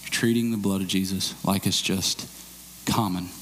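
A man preaching a sermon as pastor, explaining a scripture passage and acting out bits of dialogue in a raised, excited voice. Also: low-pitched, normal speed, slight background noise. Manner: animated, acts out dialogue in raised voice.

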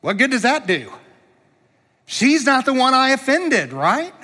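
A man's voice: very high-pitched, big pitch swings, measured pace, bright, forceful tone, big-room sound. A man preaching a sermon, earnest and emphatic, building points through repetition and rhetorical questions. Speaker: pastor.

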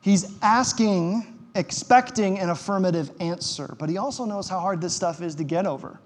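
A man's voice: sits high, moderate pace, a little hiss or hum. A man preaching a sermon as pastor, conversational and emphatic, with wry quips. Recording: long hall reverb.

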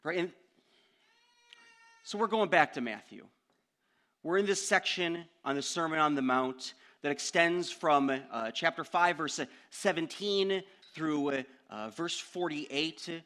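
A young man preaches a sermon with a bright, forceful voice that sits a little high. He tells a personal story with animation and swells into loud outbursts. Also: slow.

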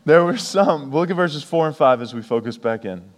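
A pastor preaching a sermon, repeating key lines for emphasis and breaking off for chatty asides. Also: male voice, on the high side, expressive, normal speed, in a large hall.

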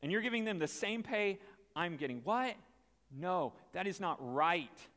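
A preacher playing an outraged laborer, squealing high. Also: male voice, expressive, a little slow, fairly bright tone, in a large hall. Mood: indignant. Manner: exclaiming, incredulous, voice leaping high. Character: indignant day laborer, adult man, greedy then outraged.

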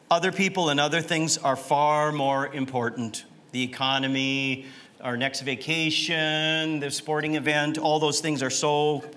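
A man's voice: mid-range voice, sharp tone. A middle-aged male pastor preaching a sermon, emphatic and questioning, often checking in with the congregation with "right?".

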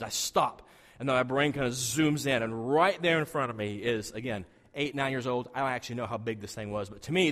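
A man from Wyoming, a pastor preaching a storytelling sermon, conversational and animated, swinging between loud and hushed. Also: medium pitch. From Wyoming, USA. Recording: reverberant hall.

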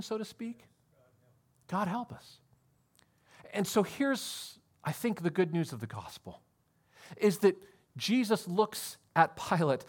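A man preaching a sermon, earnest and emphatic, often calling his listeners friends. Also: high-pitched. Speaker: pastor.

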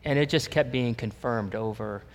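A man's voice: mid-range voice, normal speed, slight background noise. A male pastor preaching a sermon, telling stories and then building to emphatic preaching. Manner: storytelling, rising to emphatic preaching. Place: church sanctuary. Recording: long reverb of a church hall.

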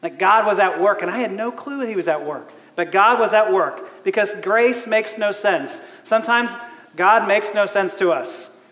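A man preaching a sermon as a pastor, animated, laughing often and acting out the voices he quotes. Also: high voice, normal speed. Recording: echoey hall.

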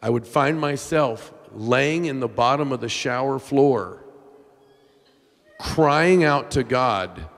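A middle-aged man preaching a sermon, telling a personal story with strong emotion, dropping to a hush and rising to shouts. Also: medium pitch, lively intonation, takes it slowly. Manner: emotional, swings from hushed to shouting. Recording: long hall reverb.

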